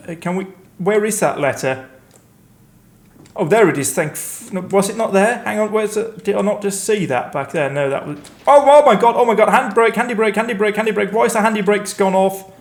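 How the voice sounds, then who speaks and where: A man talks his way through a game, rambling and poking fun at himself as he goes. His voice sits a little higher than most men's. Every so often he breaks into panicked outcries. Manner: chatty, rambling, self-mocking. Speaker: let's play host. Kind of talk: gameplay commentary.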